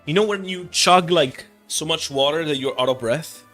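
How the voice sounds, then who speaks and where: A man's voice: on the high side, normal speed, pushed and bright, faint music behind. A young man streaming a game, chatting casually in a rambling, joking way and swearing freely. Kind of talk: casual livestream chat.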